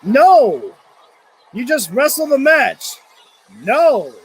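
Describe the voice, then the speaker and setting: High-voiced man ranting on a livestream. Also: very animated, very slow, a little hiss or hum. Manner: angry profane ranting. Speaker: livestream host reacting to wrestling. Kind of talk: live reaction commentary.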